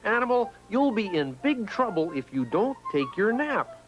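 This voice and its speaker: A patient, gently bossy baby frog in a storybook, voiced by a man. He coaxes with a raised, lively pitch, soft music behind. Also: moderate pace. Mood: coaxing. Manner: patient, coaxing, a little exasperated. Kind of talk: storybook character voice.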